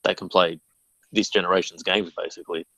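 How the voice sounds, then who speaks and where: A man's voice: low voice, level tone, brisk, pushed and bright, no room sound. An Australian man on a gaming podcast, chiming in with short, firm agreements. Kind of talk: casual gaming chat. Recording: dry, slightly dull lo-fi audio.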